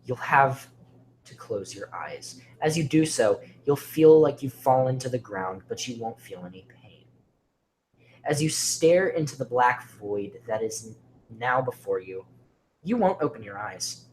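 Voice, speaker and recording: A man narrating a creepy horror story with dramatic delivery, often sinking to a hushed near-whisper. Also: medium pitch, expressive, unhurried, a little hiss or hum.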